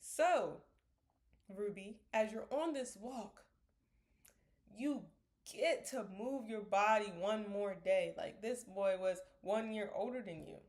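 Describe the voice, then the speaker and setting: A woman's voice: mid-range voice, slow pace, a little mellow. Earnest young woman rambling to camera. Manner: earnest, rambling, drifts into whispers. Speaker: vlogger. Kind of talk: casual motivational talk to camera.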